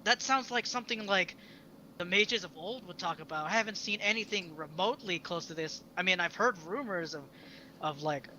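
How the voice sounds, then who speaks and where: A man voicing an excitable older male professor in a tabletop game, firing off eager questions. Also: sits high, a little hiss or hum, low-quality recording. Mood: amazed. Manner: eager, rapid-fire questioning.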